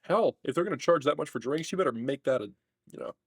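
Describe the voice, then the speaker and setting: A man's voice: fairly high pitch, expressive, fast talker, vocal fry, breathy edge, dry recording. Blunt, profane man co-hosting. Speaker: podcast co-host. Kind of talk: casual chat.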